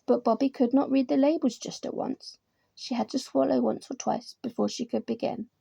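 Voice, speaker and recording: A woman reads a children's novel aloud, raising her voice for each character's speech. Her tone is deeply gravelly and mellow, with a husky edge. The sound is close and dry. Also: fairly even intonation, normal speed, no echo, lo-fi sound. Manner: voices characters with lifted pitch and volume. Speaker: volunteer reader. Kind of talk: storybook reading aloud.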